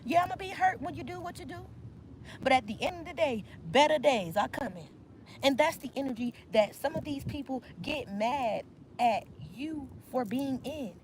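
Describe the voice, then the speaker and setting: A woman's voice: high-pitched, lively intonation, moderate pace, crowd noise. A woman giving a casual tarot reading outdoors, talking in an emphatic, slangy, repetitive way. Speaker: tarot reader. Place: outdoors in nature.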